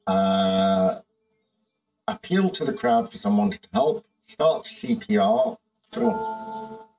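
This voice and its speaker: A man's voice: medium pitch, wildly swooping pitch, takes it slowly, vocal fry, darkish tone, dull audio, soft background music. A man casually commenting on a management game, thinking aloud with hums and fillers and reading the game's text aloud. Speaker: game streamer.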